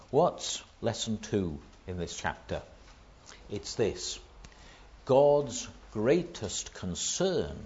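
A man preaching a sermon, building to loud emphatic stresses on key words. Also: on the low side, highs cut off, a little hiss or hum.

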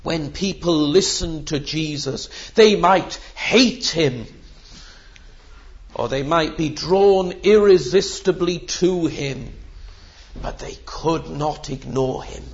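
A man's voice: fairly high pitch, slow. A man preaching a sermon in an emphatic, rhetorical way, with the odd filler. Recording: dull lo-fi sermon recording.

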